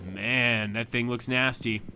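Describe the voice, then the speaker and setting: Over heavy background noise, a man with a medium-pitched voice speaks slowly while commentating his own strategy game stream. He chats with viewers as he plans his moves, now and then erupting with excitement.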